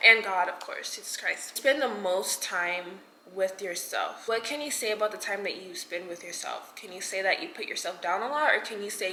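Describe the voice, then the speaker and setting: A young woman talks straight to camera in a bright, clear voice, earnest and chatty with plenty of "like" thrown in. The room around her rings with echo. A faint hiss sits under the voice. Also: medium pitch. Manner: earnest and chatty, many "like" fillers, laughs between points. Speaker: vlogger. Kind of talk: casual motivational talk to camera. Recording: echoey room with faint noise.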